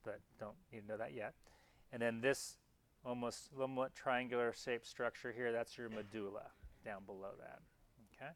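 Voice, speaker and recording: In a casual, chatty anatomy lecture, a male instructor with a mid-range, slightly bright voice often restarts mid-phrase and points out parts on his slides as he goes.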